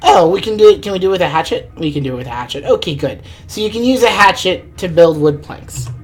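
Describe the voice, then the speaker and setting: A woman gaming streamer with a lowish, expressive voice talks fast during live let's-play commentary. She rambles and thinks aloud, often exasperated by what happens on screen.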